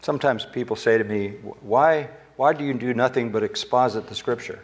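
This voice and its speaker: A man's voice: mid-range voice, brisk. Older man preaching an emphatic sermon. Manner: emphatic preaching, rising sharply when quoting Scripture. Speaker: pastor. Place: church sanctuary.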